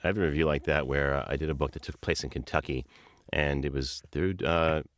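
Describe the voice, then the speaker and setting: A man hosting a podcast, also an audiobook narrator, telling stories in an animated, self-mocking way. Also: very deep voice, a little fast, no room sound, clean studio sound. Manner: animated storyteller, laughs at himself. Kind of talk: casual interview chat.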